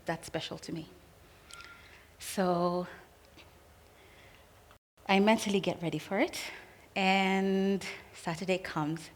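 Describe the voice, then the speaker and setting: Woman telling her own family story, lowish voice, earnest and expressive. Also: takes it slowly, long pauses. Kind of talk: personal storytelling.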